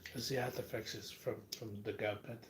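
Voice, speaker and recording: A man's voice: lowish voice, flat delivery, fairly quick, heavy background noise. A man chatting casually to viewers on a livestream from his home, rambling and swearing often. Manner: rambling, profane, talks to chat. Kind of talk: casual live-stream chat.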